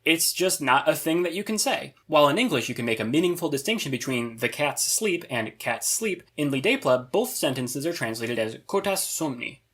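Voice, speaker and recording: A man's voice: a little high, sing-song, fairly quick, hardly any pauses, a bit bright, husky. A man narrating a scripted review of a constructed language, analytical with dry, wry asides. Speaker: conlang reviewer.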